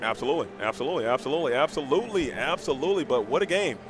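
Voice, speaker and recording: A young man, a card game streamer, chatting casually after a match, animated and repeating himself, laughing easily. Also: mid-range voice, very fast, a crowd in the background. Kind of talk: casual post-match chat.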